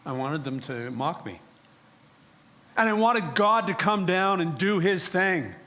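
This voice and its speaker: A male preacher delivers a theatrical sermon, telling the story in character in the first person. His voice sits a little high and leaps around expressively. He drops to hushed pleading, then rises into loud, exasperated outbursts. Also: animated, measured pace. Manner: theatrical, speaks in character as the prophet.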